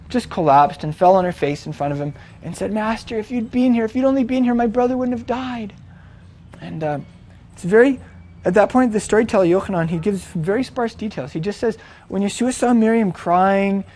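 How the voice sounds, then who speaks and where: A man's voice: high-pitched, a little mellow. A man retelling a story in a chatty, informal way, with frequent restarts and fillers. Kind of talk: casual storytelling.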